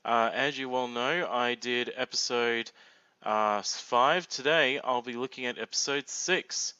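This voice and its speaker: A man's voice: medium pitch, measured pace, sharp tone, clean tone, no echo, lo-fi sound. A man giving casual blind reaction commentary, chatting and laughing aloud as he watches. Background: cartoon audio playing faintly.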